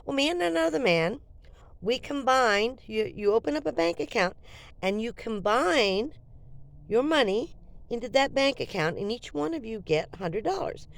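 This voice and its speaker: Give me an older woman putting on a hesitant, evasive forty-something woman drifter who trails off in fillers, her voice lifting a little higher and softer than the storyteller's, with lively swings in pitch. She sounds vague and a bit wheedling. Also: normal speed, creaky.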